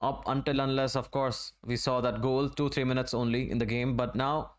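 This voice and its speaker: A man from Asia calls a football match live for his stream, talking through the play in an unhurried, conversational way. His voice is smooth and resonant and sits at an ordinary middle pitch. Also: flat delivery. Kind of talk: live match watch-along commentary.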